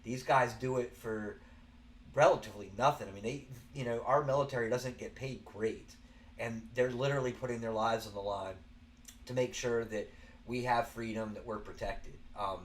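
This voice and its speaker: A man's voice: mid-range voice, fairly even intonation, normal speed. Earnest rambling Southern American man. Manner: earnest, rambling, many restarts. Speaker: show host. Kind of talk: casual spoken commentary.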